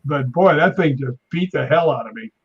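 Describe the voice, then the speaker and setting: 50s guy telling stunt stories on a talk show, bit higher voice, lots of boom and bam noises, dull lo-fi sound. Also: moderate pace, breathy edge. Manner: animated anecdotes with sound effects and chuckles. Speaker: guest stuntman. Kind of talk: casual interview storytelling.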